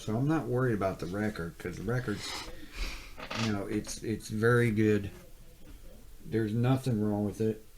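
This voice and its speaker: A man's voice: on the low side, a little mellow. A middle-aged man chatting casually about records in his home office, rambling with many fillers and self-corrections. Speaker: record collector reviewing albums. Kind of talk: casual vlog chat. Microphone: mic on a stand near the camera.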